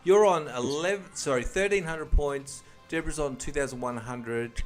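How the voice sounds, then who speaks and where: A man's voice: fairly high pitch, normal speed, faint music behind. Joking male quiz host. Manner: joking, reads clues then banters. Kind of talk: casual podcast quiz game.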